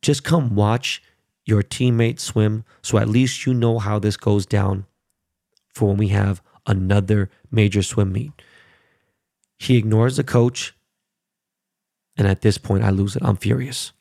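Gravelly dad in his 30s ranting to the camera, swears a lot, dry close sound. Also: on the low side, steady tone, measured pace, long pauses, dark tone, dry recording. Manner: heated, swears, repeats himself. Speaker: father telling a story. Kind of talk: casual monologue to viewers.

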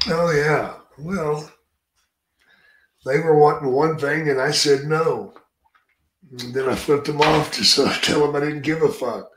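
A man hosts a podcast in a relaxed interview, speaking bluntly, swearing freely, and voicing strong opinions. His voice is a little high and fairly bright, with a steady tone, an unhurried pace, and long pauses. The recording has a roomy echo.

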